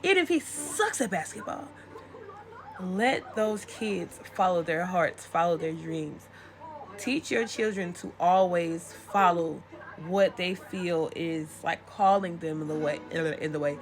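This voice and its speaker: A young adult woman giving a casual, encouraging motivational talk to camera, addressing the listener warmly and conversationally. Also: fairly low pitch. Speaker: spiritual content creator.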